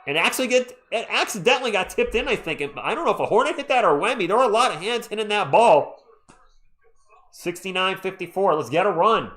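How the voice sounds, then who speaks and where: A man with a fairly high voice calls basketball play-by-play on his own live stream, and his pitch jumps around a lot as he gets excited. He rambles casually, stops to answer viewer comments, and cheers for his team between calls. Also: brisk.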